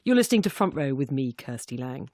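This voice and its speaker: A woman presenting a radio arts show and interviewing guests, measured, with some hesitant fillers in her questions. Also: rumbling low, very animated, warm tone, no echo, clean studio sound. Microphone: studio microphone.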